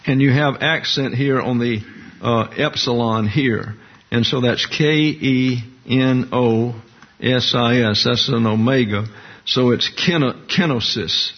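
Husky guy giving a careful bible study talk, kinda muffled lo-fi recording. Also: medium pitch, steady tone. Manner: deliberate, explanatory, walks through Greek terms and diagrams. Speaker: Bible teacher.

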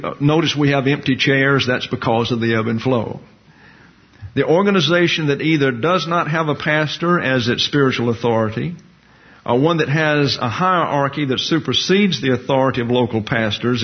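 Folksy preaching man, dull lo-fi recording. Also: mid-range voice. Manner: folksy, jokey asides with acted-out quotes. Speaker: pastor-teacher. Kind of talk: sermon. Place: church hall with a congregation.

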